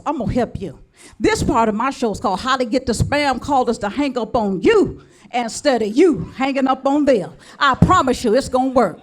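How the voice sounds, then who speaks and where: Animated woman comic, high voice. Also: a little hiss or hum. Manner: animated storytelling, acting out both sides of phone calls. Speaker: stand-up comedian. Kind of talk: stand-up comedy routine.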